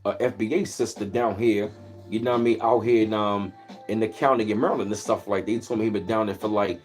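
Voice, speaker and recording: A man's voice: on the low side, steady tone, fast talker, faint music behind. A man hosting a casual livestream, telling rambling, easygoing stories and greeting viewers in between. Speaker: livestream host. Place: at home, where he lives in Maryland.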